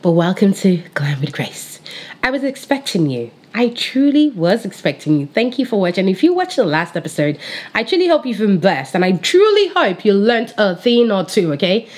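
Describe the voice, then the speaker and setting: A young woman hosting a faith podcast as a pastor, chatting casually with a high-pitched, excitable, energetic voice. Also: normal speed.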